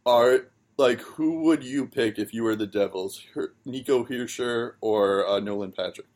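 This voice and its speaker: A man's voice: medium pitch, unhurried, darkish tone. A man co-hosting a hockey podcast, chatting loosely with lots of ums and likes. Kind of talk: casual chat.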